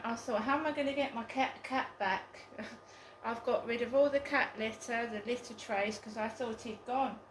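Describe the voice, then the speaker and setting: A woman's voice: fairly high pitch, reverberant, slight background noise, low-quality recording. A woman telling a story in a casual vlog, hesitant and full of ums. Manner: slow, hesitant, with many ums. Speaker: vlogger.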